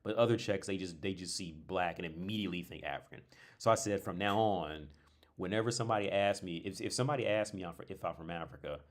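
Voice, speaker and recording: Deep-voiced young guy, livestream host, rambling and profane. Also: fast talker. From North America. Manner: rambling, digressive storytelling with frequent restarts; profane, blunt asides. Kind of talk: casual chat.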